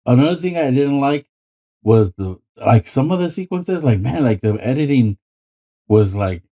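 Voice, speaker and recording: Mellow-voiced rambling podcast guy. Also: medium pitch, very animated, normal speed. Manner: rambling, hesitant, swears freely. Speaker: podcast co-host. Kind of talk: casual chat.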